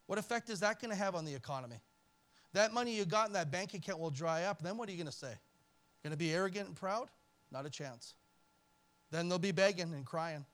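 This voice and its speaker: A man preaching a sermon in church as pastor, swinging from loud emphasis to near-whispered pleading. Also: sits high, brisk. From Canada.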